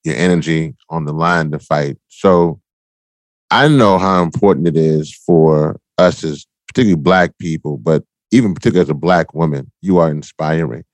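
Deep-voiced man interviewing, dry sound. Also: normal speed, no room sound. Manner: affirming, rambling questions. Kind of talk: casual conversational interview.

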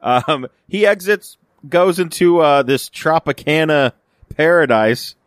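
A man's voice: fairly high pitch, expressive, slow, dry recording. A man co-hosting a podcast, chatting casually about a TV episode, with lots of fillers and restarts. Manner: rambling, many fillers and restarts, acts out quoted lines. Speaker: podcast co-host. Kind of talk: casual chat reviewing a TV episode.

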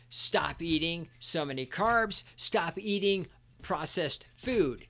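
A man hosting a solo podcast, ranting angrily with constant swearing and sometimes shouting. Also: on the high side, lively intonation, slow pace, slight background noise. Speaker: podcast host.

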